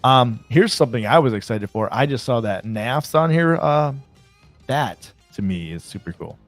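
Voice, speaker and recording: Male stream host, excitable and casual, dry sound, soft music under. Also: mid-range voice, normal speed, dry recording. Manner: excited, chatty, reads chat aloud. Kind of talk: casual live stream chat.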